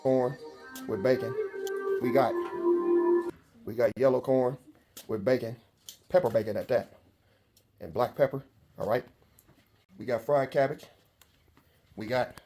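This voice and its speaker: A man's voice: medium pitch, darkish tone. A man casually presenting home-cooked dishes to the camera, chatty and proud. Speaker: home cook showing his food. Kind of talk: casual filmed chat.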